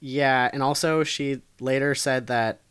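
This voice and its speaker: A woman co-host narrates a true crime story in a relaxed, conversational way. She leans on fillers and laughs easily as she goes. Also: very deep voice, measured pace, clear, resonant tone. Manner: laid-back, laughs often, lots of fillers. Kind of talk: casual storytelling chat.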